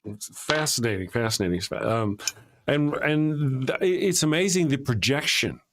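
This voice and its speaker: Man, podcast host, casual livestream chat, middle pitch, laughs often, reads viewer messages. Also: animated, moderate pace, a bit bright.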